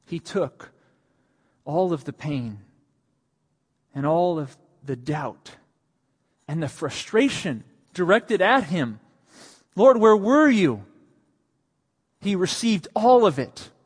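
A man preaches slowly and deliberately, with a fairly high voice for a man. His delivery climbs to emphatic heights, then drops to something quiet and close. The sound rings with the long reverb of a large hall. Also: lively intonation, slightly rough. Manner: rises to emphatic, raised delivery on quoted lines, then drops soft and low. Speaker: pastor. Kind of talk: sermon.

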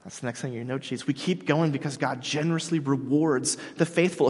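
A man preaching a sermon as pastor, animated and emphatic, often restarting his sentences. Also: mid-range voice, brisk, hardly any pauses, slightly rough, in a large hall.

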